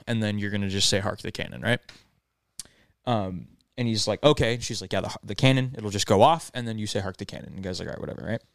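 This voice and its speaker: A man's voice: on the low side, smooth, no room sound, studio quality. A young man, podcast host, telling a story in casual chat and acting out the characters' lines. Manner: animated, acts out the characters' lines.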